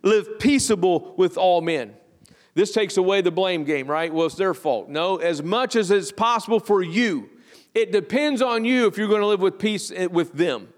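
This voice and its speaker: Male pastor, higher voice, slow emphatic sermon delivery, church hall echo. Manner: slow emphatic scripture reading, drawn-out phrases. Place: church sanctuary. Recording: long church hall reverb.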